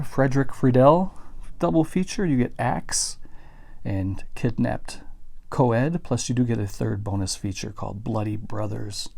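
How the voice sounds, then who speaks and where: Gravelly-voiced man chatting about collectibles. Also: fairly low pitch, a little mellow. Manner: rambling, self-correcting, chatty. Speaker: collector showing his movie collection. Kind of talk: casual show-and-tell.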